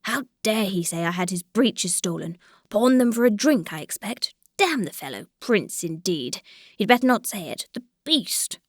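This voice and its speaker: A woman reading the lines of an indignant country gentleman, muttering in a low, quieter voice. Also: sing-song, moderate pace, no room sound, studio quality.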